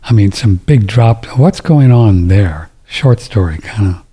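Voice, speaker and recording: Male interviewer, dark mellow voice, husky, short questions. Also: on the low side, animated, a little slow. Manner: brief reactions and short questions.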